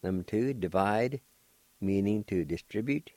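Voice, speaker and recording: An older man with a low, mellow voice leads a slow, careful language lesson. He spells each word letter by letter and repeats every syllable patiently. The sound is dry and close, like a small radio studio. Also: no echo. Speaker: language teacher and radio host.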